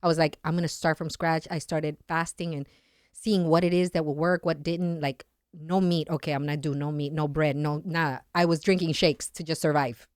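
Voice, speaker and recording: A woman's voice: low voice, normal speed, clear, resonant tone, dry recording, studio quality. A woman in her thirties telling a personal story as a podcast guest, acting out the voices of the people in it. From Latin America. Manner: animated, acts out quoted voices. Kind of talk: casual storytelling.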